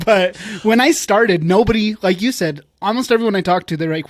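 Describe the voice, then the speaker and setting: A man hosting an interview show, thinking aloud in a relaxed, casual way. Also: high-pitched, normal speed, few pauses, dry recording, studio quality. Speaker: interview host.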